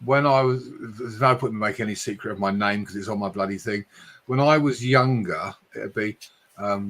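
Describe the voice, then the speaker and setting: A man's voice: on the low side, normal speed. Chatty man with an Essex-London accent. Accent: mix of Essex and London English. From Hertfordshire, England. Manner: chatty, mimics regional accents, speeds up when excited. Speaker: livestream host. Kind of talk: late-night live stream chat.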